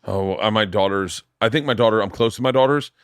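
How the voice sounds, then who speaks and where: A man's voice: on the low side, fairly quick, smooth, no echo, studio quality. Rambling male podcast host. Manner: rambling, restarts sentences often. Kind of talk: casual chat.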